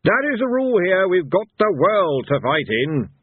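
A man doing a booming chief god. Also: sing-song, moderate pace, husky, no room sound, full character voice. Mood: commanding. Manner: commanding, shouting. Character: booming male chief of the gods. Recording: tinny phone-like sound.

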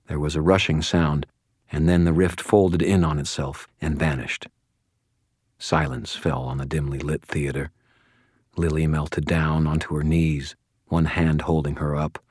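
Deep-voiced man narrating an audiobook. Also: dry recording, studio quality. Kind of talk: first-person audiobook narration.

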